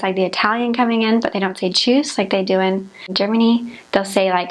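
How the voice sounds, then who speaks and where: Young woman, casual talker, mid-pitched voice, loose and rambling delivery full of fillers. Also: steady tone, fairly quick, poor audio. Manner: chatty, rambling, many likes and restarts. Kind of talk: casual chat.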